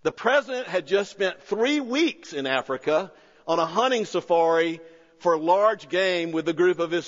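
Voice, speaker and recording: Animated preacher, fairly high voice. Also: male voice. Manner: animated storytelling with rising excitement and quiet, earnest pleas. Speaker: pastor. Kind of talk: sermon. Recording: long-reverb hall, slightly dull sound.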